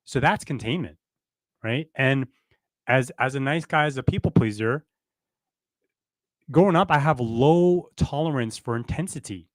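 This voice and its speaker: A man's voice: medium pitch, unhurried, pauses often, no echo. A man co-hosting a relationship podcast, talking casually and reflectively, explaining ideas with everyday examples and checking in with "right?". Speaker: podcast co-host. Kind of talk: casual relationship coaching talk.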